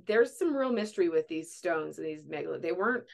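A woman hosting a casual podcast, with a lower voice than most women. She rambles through her thoughts and leans on "like" and "um" as she goes. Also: animated, a little fast, gravelly, a little mellow. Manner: chatty, rambling, many likes. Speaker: podcast host. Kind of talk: casual chat.

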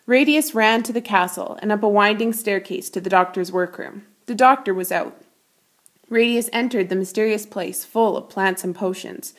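A woman teaching math as she reads a picture book aloud, her voice mid-pitched and steady. She explains each term patiently and clearly, like a classroom lesson. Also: moderate pace.

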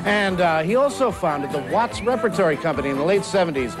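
A man's voice: high voice, lively intonation, a little fast, rough recording. A man announcing on a TV game show, polished and promotional. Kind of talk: announcer voice-over. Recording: 1980s TV broadcast, loud music and applause. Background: music and audience applause.

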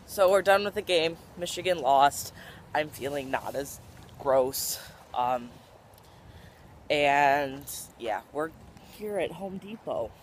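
A man's voice: a little high, animated, slow pace. A young man vlogging his day in a rambling, venting way, full of "like". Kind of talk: casual vlog to camera. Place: home, then out and about. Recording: noisy background.

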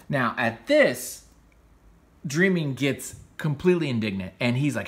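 A man's voice: mid-range voice, animated, measured pace, slightly rough. A man hosting a comics show, casually retelling a comic book story in a rambling, enthusiastic way with frequent restarts.

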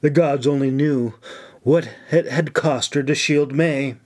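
Slow, dramatic male audiobook narrator. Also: on the high side, steady tone, a little mellow. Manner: slow, dramatic, drawn-out reading. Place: home sound closet lined with blankets.

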